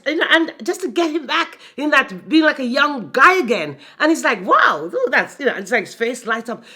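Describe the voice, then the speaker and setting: A middle-aged woman hosting a frank, playful talk about her long marriage and giving relationship advice to viewers. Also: a little high. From Jamaica. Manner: animated, frank and playful, addressing viewers as guys. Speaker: host.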